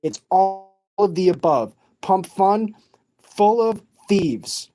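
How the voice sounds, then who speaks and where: A tearful vlogger pours out a rambling, swear-filled rant straight to camera. The voice sits at a middle pitch with a dark, mellow tone, and the delivery is agitated and restless. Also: lively intonation, slow. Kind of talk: emotional profane rant to camera.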